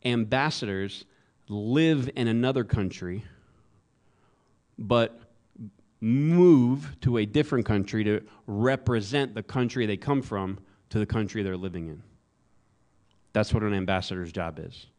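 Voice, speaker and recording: A man's voice: lowish voice, a little slow, pauses often, a little mellow. A man preaching a sermon in a conversational way, with joking asides to the congregation. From American South. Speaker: pastor.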